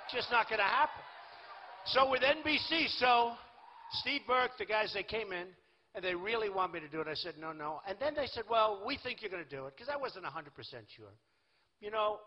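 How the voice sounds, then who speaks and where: A man's voice: high voice, slight background noise. A man in his sixties giving a rambling, boastful campaign rally speech in a large venue. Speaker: political candidate. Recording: lo-fi echoey hall recording.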